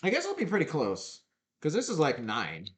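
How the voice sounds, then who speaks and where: A man's voice: on the high side, huge pitch swings, normal speed, a bit bright. A man chatting casually while cooking on a live stream, rambling and joking at himself as he answers viewers. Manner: rambling, self-mocking, chats with viewers. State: stuffy nose.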